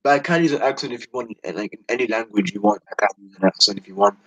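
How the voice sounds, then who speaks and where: A man's voice: medium pitch, very animated, rapid-fire, creaky, husky, no echo, low-quality recording. Young British man, stammering and rambling, dry close sound; casual vlogger venting. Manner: hesitant and rambling, stammering restarts. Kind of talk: casual vlog rant.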